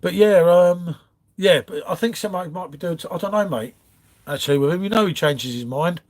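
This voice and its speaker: A man chats loosely through a livestream from his front room, greeting viewers and wandering from topic to topic. His voice sits a touch high for a man, and he leans on "mate" and "innit" all the way through. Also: brisk, darkish tone. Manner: chatty, rambling, calls viewers mate. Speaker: livestream host. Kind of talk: casual live chat reading comments.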